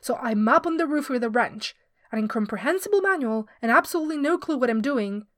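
A woman voicing a grumpy, put-upon male club owner who complains loudly and with exasperation. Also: sits high, lively intonation, a little fast, dry recording, studio quality. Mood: exasperated.

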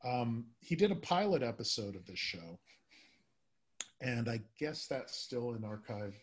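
Husky man chatting with many fillers. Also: medium pitch, lively intonation. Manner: halting, with many filler words. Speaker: podcast host. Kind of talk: casual chat about old-time radio.

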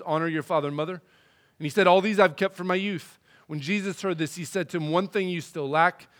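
A man preaching a sermon, walking through a Bible passage in a measured, earnest way. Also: sits high, a bit bright. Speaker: pastor.

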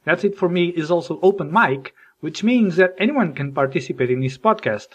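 Delivering a scripted comic monologue, the Portuguese podcast host goes for animated, jokey storytelling full of mock voices. His slightly rough voice is a little high and brisk.

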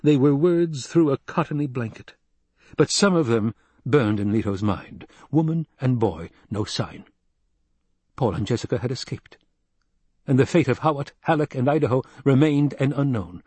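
A man narrates an audiobook in a measured, steady way, with a husky tone. The sound is close and dry, with no room around it. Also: mid-range voice, no echo. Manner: measured storytelling. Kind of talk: scripted narration.

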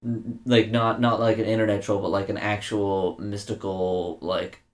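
A man's voice: fairly low pitch, flat delivery, normal speed. A man co-hosting a casual podcast, joking around and rambling with lots of fillers and restarts. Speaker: podcast co-host.

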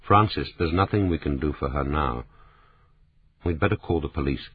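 A man voicing a calm, patient male publisher who speaks gently and gravely. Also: a bass voice, moderate pace, no room sound, phone-quality sound, exaggerated voice.

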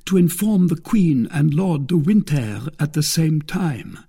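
A man voicing a composed, precise male musketeer in a storybook reading, speaking in a measured way. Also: on the high side, lively intonation, gravelly, warm tone, slightly rough, voice pushed up, full character voice.

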